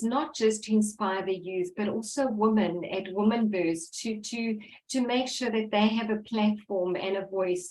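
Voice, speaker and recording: Woman giving a heartfelt launch speech, a bit apologetic, roomy echoey sound. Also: medium pitch. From born in Italy, raised in South Africa. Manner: earnest, apologetic, laughing through emotion. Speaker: book co-author speaker. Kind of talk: emotional speech at online book launch.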